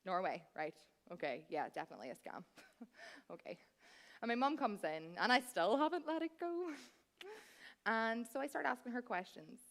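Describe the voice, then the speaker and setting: A woman's voice: on the high side, big pitch swings, moderate pace, pauses often, fairly bright tone. A woman in her thirties, telling a comic, wry story on stage as a cabaret performer and speaking straight to the audience. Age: 30s. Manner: chatty, wry, addresses the audience directly. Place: theatre stage.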